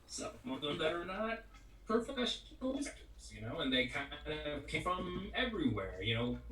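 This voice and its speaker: Here the voice actor sounds pushed and bright at a medium pitch, with a slight hiss or hum behind him. Sitting in for a casual interview, he rambles on at length and keeps saying "you know what I mean," his voice distant from the mic in an echoing room.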